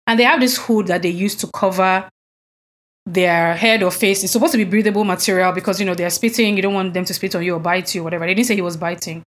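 A woman's voice: lowish voice, fairly even intonation, fast. A woman co-hosting a podcast, recounting events in an indignant, emphatic way and asking pointed rhetorical questions. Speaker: podcast co-host. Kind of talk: casual conversational chat.

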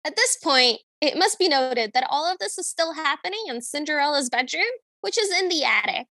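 A woman co-hosting a chatty podcast, with a high, bright voice. She is wry and playful and quotes the characters as she goes. The recording is dry and close, with no room sound. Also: animated, brisk, no room sound. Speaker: podcast co-host. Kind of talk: casual chat recapping a cartoon.

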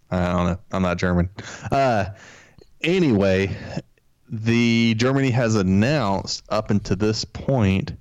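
A man with a lowish voice co-hosts a casual political podcast. He jokes, laughs often and reads news headlines aloud. The recording is dry, with no room sound. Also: clear, resonant tone, no room sound, highs cut off. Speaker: podcast co-host.

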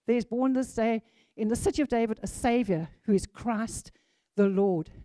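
A woman preaching a sermon to a congregation, reading scripture aloud and repeating key phrases with lively emphasis. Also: fairly high pitch, no echo, clean studio sound.

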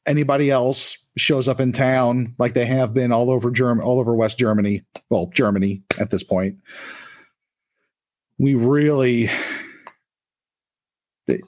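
A man's voice: mid-range voice, steady tone, unhurried, pauses often, a little mellow, close to an everyday voice. Brief: hard-nosed war leader woman, blunt, plain delivery, played by a man. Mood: grim. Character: tough woman rallying for war.

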